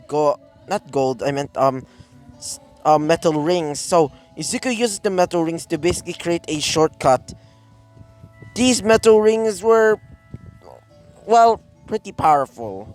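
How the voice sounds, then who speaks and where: A man improvising a fan story aloud, full of ums and self-corrections. His voice sits a bit high for a man. Faint background music plays under him. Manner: rambling, self-correcting, many fillers.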